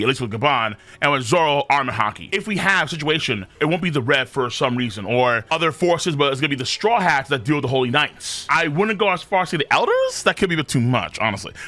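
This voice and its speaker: A fairly high-pitched man with a bright, forceful voice talks through a new comic chapter in relaxed, animated commentary. He drops into quick character voices now and then, and faint music sits under him. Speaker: host reviewing manga chapters. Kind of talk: casual commentary.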